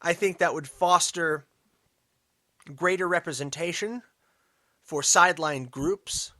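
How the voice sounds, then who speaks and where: A man hosting a political commentary podcast, emphatic and sarcastic, dropping to mutters and then rising loud. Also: on the high side, slow, no room sound, studio quality. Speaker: podcast host.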